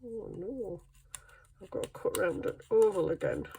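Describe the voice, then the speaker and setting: A woman's voice: medium pitch, moderate pace, gravelly, dark tone, slight background noise. A middle-aged woman, chatting casually and thinking aloud as she works on a craft project. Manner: chatty, thinks aloud while working, self-deprecating. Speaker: craft vlogger. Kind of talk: casual chat while crafting.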